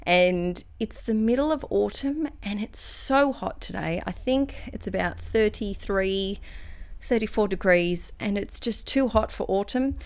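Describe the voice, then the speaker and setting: A woman's voice: medium pitch, unhurried. A young Australian woman narrating her scrapbooking video in a chatty, rambling way, restarting phrases and slightly out of breath. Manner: chatty, rambling, self-correcting. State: a little out of breath. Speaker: craft vlogger.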